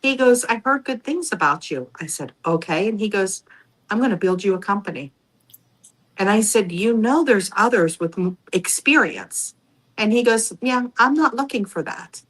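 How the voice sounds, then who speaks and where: A middle-aged woman, a podcast guest, telling personal stories in a casual, animated way and acting out the voices of other people. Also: medium pitch, moderate pace, poor audio. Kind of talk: casual storytelling.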